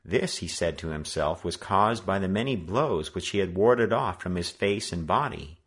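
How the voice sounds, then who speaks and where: A man reading a children's novel aloud in an expressive, measured way. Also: deep voice, breathy edge. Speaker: audiobook reader. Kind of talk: read-aloud narration.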